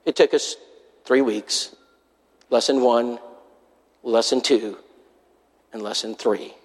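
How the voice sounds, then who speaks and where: A man's voice: mid-range voice, steady tone, slow. A man preaching a sermon, telling a story in an earnest way and acting out the other people's lines. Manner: earnest, acts out quoted voices. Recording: long hall reverb.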